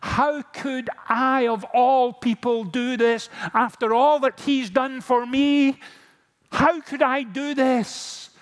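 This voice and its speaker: A man's voice: very high voice, fairly even intonation, smooth, voice pushed up. A preacher crying out as a guilt-wracked grieving man. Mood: anguished. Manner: pleading, slow and loud. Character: anguished remorseful grown man, wracked with guilt.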